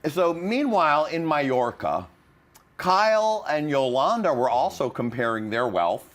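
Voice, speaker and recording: A man hosts a casual recap show in a gossipy, catty way. His voice sits a little high and moves around a lot. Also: very animated, unhurried. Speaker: host.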